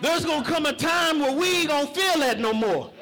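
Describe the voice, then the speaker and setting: A middle-aged man preaching a sermon in church, shouting for emphasis and telling humorous stories about his own life. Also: very high-pitched, expressive, fairly quick, music in the background.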